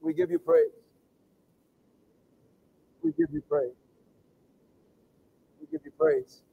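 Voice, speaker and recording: A man pastor leading an impassioned sermon prayer, with a fervent, repetitive preaching cadence that swings from shouts to hushed pleading. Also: very high-pitched, huge pitch swings, takes it slowly, vocal fry, narrow, tinny audio, slight background noise.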